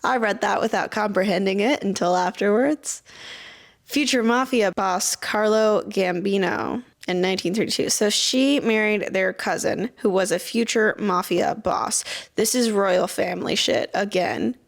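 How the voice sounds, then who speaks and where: A young woman reads her research aloud as a show host, then breaks into crude jokes and laughter. Her voice sits at a middle pitch, and her delivery is loose and chatty. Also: measured pace, gravelly. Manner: swearing, joking asides, frequent laughter. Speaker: podcast host. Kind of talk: casual deep-dive commentary, reading aloud.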